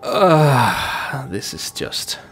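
Man, gaming let's-player, rambling self-talk, mid-pitched, faint music behind. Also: very animated, extremely slow, a bit bright. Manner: rambling, self-chatting with fillers and restarts. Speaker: gaming YouTuber. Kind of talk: casual let's play commentary.

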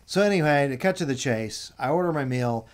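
A man telling an anecdote in casual chat, annoyed, animated, acting out what people said. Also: mid-range voice, a little fast, a crowd in the background. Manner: animated retelling, acts out quotes.

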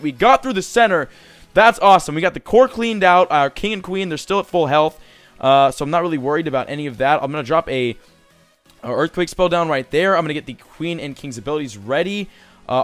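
Excitable young man commenting on gameplay. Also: fairly high pitch, no room sound. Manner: excitable, swears, gets frustrated at the game. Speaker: gaming commentator.

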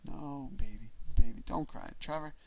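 Madre herida, tierna y bromista, voz suave, leída por un hombre; tono algo más alto que el narrador, timbre áspero. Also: male voice, fairly high pitch, steady tone, moderate pace, dark tone, natural voice. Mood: soothing. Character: tender injured mother, calm, joking.

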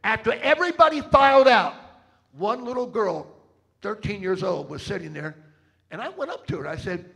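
A man with a high, gravelly voice preaches a sermon to a church congregation. He tells stories dramatically and keeps rallying the crowd with call-outs for an answer. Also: animated, normal speed, a bit bright. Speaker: travelling preacher. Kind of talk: sermon with storytelling and fundraising appeal. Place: church service.

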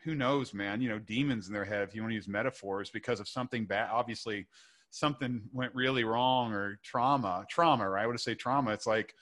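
A man's voice: fairly low pitch, a little fast, fairly bright tone. A male guest author in a casual podcast chat, rambling earnestly as he tells a story.

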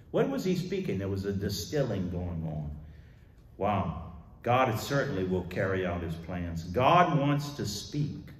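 Man preaching with swelling, lively emphasis. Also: lowish voice, moderate pace, distant mic. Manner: emphatic preaching with sudden loud swells and quiet asides. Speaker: pastor. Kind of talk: sermon. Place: church sanctuary. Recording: echoey church hall.

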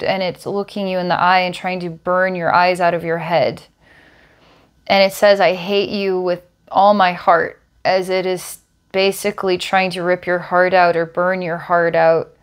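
A woman working as a psychic healer, calmly describing visions during a guided healing session. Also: on the low side, clear, resonant tone. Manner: calm, descriptive, storytelling visions.

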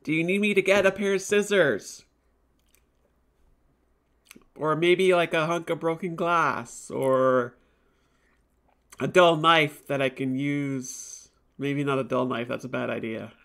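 A man's voice: a little high, steady tone, measured pace, creaky, fairly bright tone. A man hosting a live game stream, chatting with viewers and reacting aloud to the game, laughing easily. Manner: chats with viewers about snacks and drinks. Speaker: let's play host. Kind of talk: live-streamed gameplay commentary.

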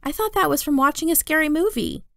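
A woman's voice: high voice, animated, fast, creaky, fairly bright tone, no echo, studio quality, pitched above the performer's own voice, full character voice. A woman voicing a mother who scolds her sons earnestly, in a storybook reading. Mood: stern. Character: stern but loving mother of two boys.

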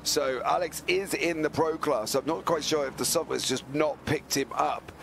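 A hoarse man co-commentating a live sim race, rambling into jokey comic tangents with a croaky voice. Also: a little high, moderate pace, a bit bright, slight background noise.

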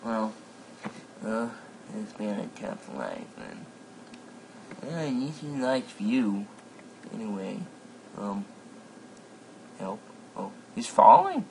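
A man casually commentating a game as he plays, excitable and quick to yelp and exclaim at what happens. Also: lowish voice, creaky. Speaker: gameplay commentator. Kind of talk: casual let's-play commentary. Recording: noisy home mic recording.

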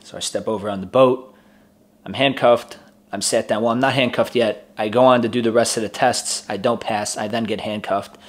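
A man's voice: fairly low pitch, steady tone, normal speed. Chatty young man telling a story. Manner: chatty, laughs often, acts out quoted voices. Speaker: vlogger. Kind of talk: casual personal storytelling.

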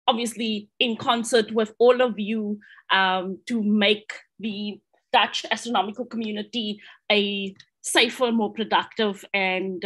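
A woman's voice: medium pitch, a bit bright. A South African woman with a South African accent giving an online seminar talk as an astronomer, upbeat and friendly, with frequent ums and restarts. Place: home or office in Amsterdam.

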